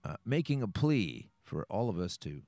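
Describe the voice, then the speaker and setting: Lively, blunt male podcast host. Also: lowish voice, normal speed, no room sound. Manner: blunt, opinionated, sweary. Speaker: show host. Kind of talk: casual podcast commentary.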